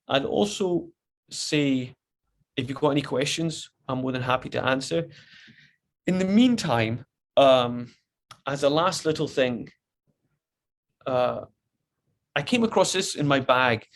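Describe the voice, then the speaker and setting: A man leading an online poetry workshop over a video call, chatty and encouraging, with frequent restarts. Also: medium pitch.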